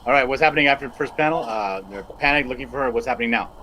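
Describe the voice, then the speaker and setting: A man's voice: mid-range voice, very fast, pushed and bright, rough recording. A man hosting a casual live stream, bluntly directing and thinking aloud while he draws a comic page. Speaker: comic artist and stream host.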